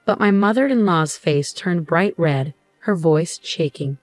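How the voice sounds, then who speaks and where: A woman telling a first-person story as narrator in an even, steady scripted delivery. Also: on the low side, moderate pace, few pauses, no room sound, faint music behind.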